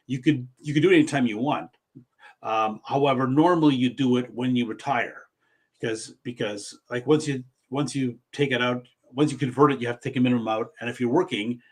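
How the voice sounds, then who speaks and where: A middle-aged financial planner from Canada explaining things casually, often restarting his sentences. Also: mid-range voice.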